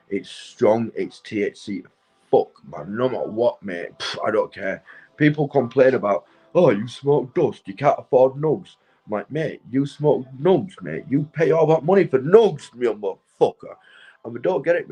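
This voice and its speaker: A middle-aged man, drunk and high, rambling and swearing to his livestream viewers from his sofa at home. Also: darkish tone, slightly rough, low-quality recording. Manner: rambling, swearing, keeps asking "do you know what I mean". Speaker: livestream host. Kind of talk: rambling casual livestream chat.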